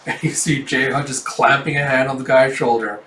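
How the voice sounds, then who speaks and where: A man's voice: mid-range voice, steady tone, brisk, bright, forceful tone. A man casually reading a comic aloud, chatty and adding sound effects, in a roomy recording taken from a distance. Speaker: manga reader. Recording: roomy, distant mic, faint background noise.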